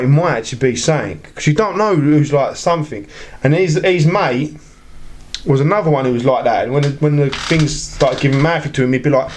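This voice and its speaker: A man telling rambling stories in a casual podcast chat, acting out other people's lines as he goes. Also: medium pitch. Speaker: podcast guest.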